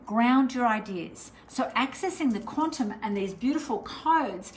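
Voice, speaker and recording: A woman's voice: fairly high pitch, lively intonation, a little slow, a little hiss or hum, rough recording. A middle-aged Australian woman, a spiritual teacher, chatting casually to camera, meandering with lots of fillers. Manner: chatty, meandering, warm and encouraging with many fillers.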